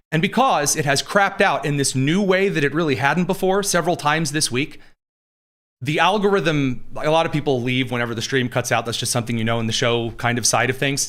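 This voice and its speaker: A young man hosting a live political commentary stream, talking fast and combatively and slipping into mocking squeaky voices. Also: a bit bright. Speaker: political livestream host.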